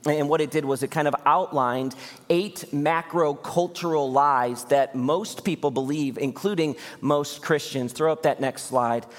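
A man's voice: on the high side, a little slow. Earnest preaching man in a reverberant hall. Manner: earnest, conversational preaching with direct appeals. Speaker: pastor. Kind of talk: sermon.

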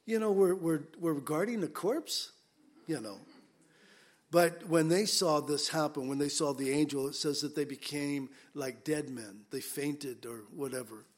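A man with a slightly higher voice delivers an expository sermon in a relaxed, conversational way. He keeps breaking into quick acted-out scenes, swinging between lifted, excited lines and low, quiet asides. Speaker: pastor.

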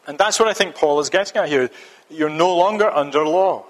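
A man's voice: a little high, fairly quick. A man preaching a sermon, earnest and emphatic, often repeating a phrase for stress. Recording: long reverb of a church hall.

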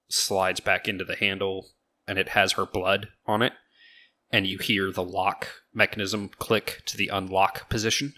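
A man narrating as game master of a tabletop game in a steady, descriptive way. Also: low voice.

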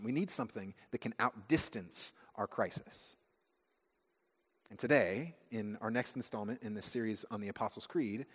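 A man preaching a sermon as pastor, telling stories with lively, acted-out asides. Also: lowish voice, breathy edge. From United States. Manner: animated storytelling, acting out friends' voices. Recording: long hall reverb.

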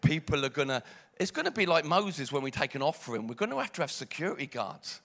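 Brief: British male preacher, fairly high voice, dramatic sermon. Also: big pitch swings, fast talker, vocal fry. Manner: dramatic, swings from hushed to loud.

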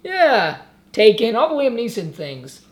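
A man's voice: extremely high pitch, wildly swooping pitch, unhurried. A man co-hosting a casual movie-review podcast, cracking blunt, sarcastic jokes. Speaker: podcast co-host.

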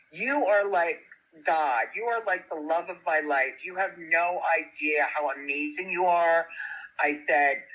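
A woman, a guest telling a story in animated, chatty talk. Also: sits low, poor audio. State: single parent. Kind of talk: casual storytelling chat.

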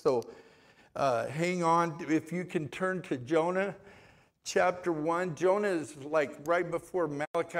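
A man preaching a sermon as a pastor in a church, telling a story in a rambling, conversational way and reading scripture aloud. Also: fairly high pitch.

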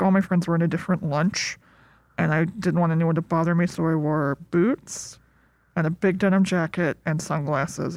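A woman's voice: low voice, vocal fry, dry recording. Blunt, sarcastic woman in casual chat. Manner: blunt, sarcastic, acts out characters in quick asides. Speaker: podcast co-host. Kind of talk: casual movie recap chat.

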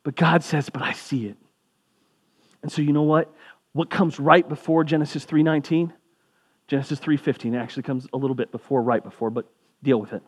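A young man preaching a sermon as pastor, in a conversational way with casual asides. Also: on the high side.

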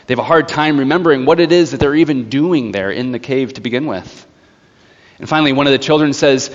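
A male pastor preaching a sermon, telling a story in an animated way. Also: mid-range voice, fast talker. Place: church sanctuary. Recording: echoey church hall, slightly dull.

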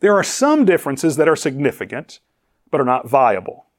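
A man preaching a teaching sermon, animated and chuckling often, firing rhetorical questions at his listeners. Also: medium pitch, moderate pace.

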